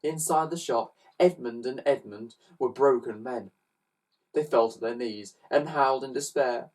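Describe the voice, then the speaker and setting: A man reading a children's story aloud with expressive, animated narration, recorded on a slightly distant mic. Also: medium pitch, measured pace. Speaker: storybook reader.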